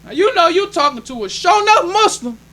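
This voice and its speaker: High-voiced preaching man, bright tone. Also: big pitch swings, brisk. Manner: emphatic, conversational preaching. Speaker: minister. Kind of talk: sermon with call-and-response.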